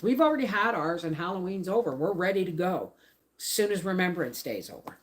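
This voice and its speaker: A Canadian woman in her fifties hosts a homestead livestream from home beside the laundry baskets. Her voice sits low, bright and sing-song at a normal pace, and she rambles casually while replying to viewers' comments.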